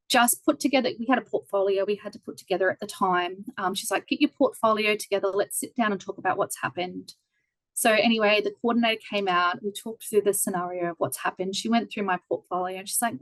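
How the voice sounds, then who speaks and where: An Australian woman in her thirties, a guest telling a story in a casual interview over a video call, lively and acting out quoted voices. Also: medium pitch, no room sound, poor audio.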